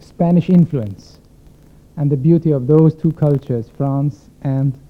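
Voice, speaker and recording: A man's voice: a little high, a little slow. A man who is a concert violinist, speaking to the audience before a piece in a reflective, explaining way and asking them questions. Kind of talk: spoken introduction at a concert. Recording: thin phone-like sound.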